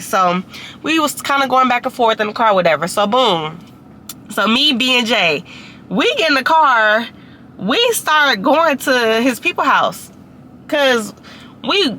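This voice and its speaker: A woman's voice: on the high side, pushed and bright, a little hiss or hum. A young woman telling a casual storytime, chatty and full of slang and fillers. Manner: chatty, heavy use of "like" and slang. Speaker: vlogger.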